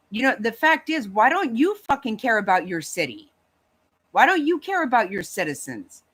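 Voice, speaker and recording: A woman's voice: mid-range voice, very animated, normal speed, a bit bright, husky. A woman hosting a livestream, ranting bluntly and heatedly with lots of swearing. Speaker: livestream host. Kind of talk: angry casual rant to chat.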